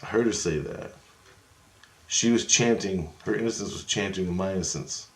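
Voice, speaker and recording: A man's voice: deep voice, moderate pace, roomy sound. A man telling a rambling first-person story with lots of swearing, agitated and jumping into the voices of people in his tale. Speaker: vlogger recounting astral travel.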